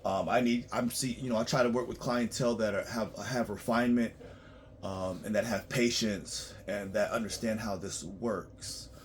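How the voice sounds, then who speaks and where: A man working as a tax preparer, ranting bluntly and profanely in a monologue, swinging between loud outbursts and low muttering. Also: steady tone, moderate pace, a little hiss or hum.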